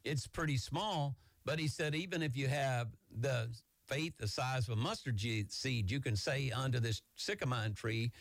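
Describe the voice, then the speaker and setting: Fast-talking folksy male pastor. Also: medium pitch, gravelly, dry recording. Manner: fast, excited, folksy preaching. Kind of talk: Bible teaching sermon.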